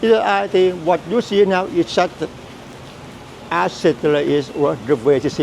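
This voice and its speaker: Man, Buddhist teacher, high-pitched, gravelly, repeats himself, halting. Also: a little mellow, a little hiss or hum, low-quality recording. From Thailand. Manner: repetitive, halting, emphatic phrasing. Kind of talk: dharma teaching.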